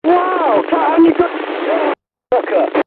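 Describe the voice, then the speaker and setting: A woman's voice: very high-pitched, sing-song, takes it slowly, heavy background noise. Manchester woman on cb radio, tinny and staticky, swearing and needling, keeps saying the same insult over and over. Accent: Mancunian. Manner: crude, taunting, repeats insults. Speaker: CB radio operator. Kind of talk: abusive radio banter.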